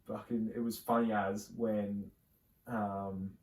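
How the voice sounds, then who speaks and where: A man's voice: on the low side, level tone, slow pace. A young Australian man co-hosting a podcast, telling long rambling stories in casual chat, full of fillers and restarts. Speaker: podcast co-host. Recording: roomy, distant mic.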